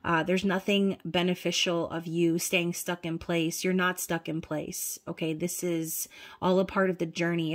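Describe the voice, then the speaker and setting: A woman talks through a tarot reading in a casual, unscripted monologue. Her voice sits low and stays fairly flat. She is blunt and now and then swears, and she keeps asking "okay?" along the way. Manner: chatty, peppered with "okay?" and fillers. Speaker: tarot reader.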